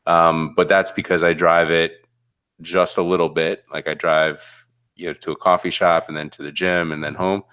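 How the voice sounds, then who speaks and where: Deep voiced guy cohosting a podcast, laid back, lots of ums and you knows. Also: normal speed, smooth. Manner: relaxed, rambling, many fillers. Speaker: podcast co-host. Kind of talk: casual podcast chat.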